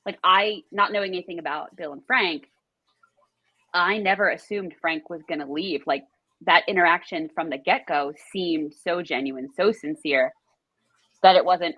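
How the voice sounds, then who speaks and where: A woman guest in a casual TV reaction chat, talkative and stopping to quote herself in a higher voice. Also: moderate pace, breathy edge, dry recording, lo-fi sound.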